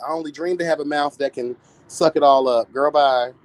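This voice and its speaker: A man in his late thirties hosting a livestream, chatting with viewers in a sassy, campy, animated way. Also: mid-range voice, moderate pace, no echo. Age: 30s. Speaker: livestream host. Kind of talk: casual chat with viewers.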